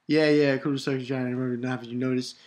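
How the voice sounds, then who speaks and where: A woman giving a casual, excitable manga review, laughing often and acting out lines. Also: extremely low pitch, racing.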